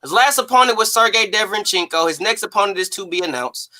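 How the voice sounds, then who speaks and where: Lady host, super lively up and down voice, goes thru a list step by step. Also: mid-range voice, fast talker. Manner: methodical, reads out lists. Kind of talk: casual chat.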